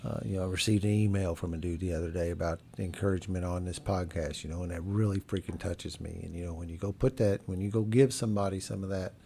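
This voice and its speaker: A man with a low, gravelly voice hosting a studio podcast. He talks earnestly and loosely, trailing into fillers as he works through his thoughts. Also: steady tone, quick pace, hardly any pauses, dark tone, a little hiss or hum. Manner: rambling and earnest, with frequent fillers. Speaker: podcast host. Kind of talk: casual recovery talk.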